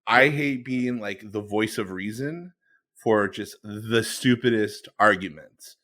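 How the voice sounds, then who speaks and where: A man co-hosting a podcast, telling a story in a casual, animated way and laughing along. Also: lowish voice, slow. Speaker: podcast co-host.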